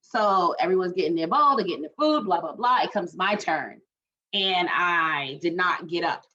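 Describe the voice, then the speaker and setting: A woman's voice: on the low side, lively intonation, normal speed, pushed and bright. A woman in her forties addresses a community forum in a loose storytelling way. She talks animatedly and drops in fillers and frequent "right?" asides. The recording sounds dull and lo-fi. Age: 40s. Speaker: guest speaker at a community forum. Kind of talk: casual storytelling talk.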